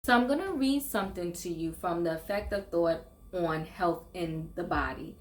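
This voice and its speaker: A woman's voice: on the low side, expressive, normal speed, echoey room, soft background music. An older woman talking in a casual vlog, earnest and encouraging, sometimes stumbling over her words. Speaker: vlogger. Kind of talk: casual faith and self-help vlog.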